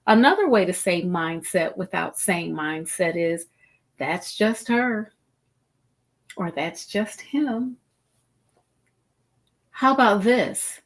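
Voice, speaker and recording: Middle-aged lady hosting a live stream, talks slow and careful, leans on phrases. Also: lowish voice, expressive. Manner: slow, deliberate, with emphatic repeated phrases. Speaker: host of a wellbeing talk show. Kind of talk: live-streamed talk with viewers. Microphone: streaming setup, video call style.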